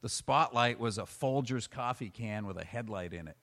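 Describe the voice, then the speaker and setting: A man in casual chat, telling stand-up comedy road stories with animated delivery. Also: medium pitch, moderate pace. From United States. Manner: animated storyteller, acts out loud quoted yelling.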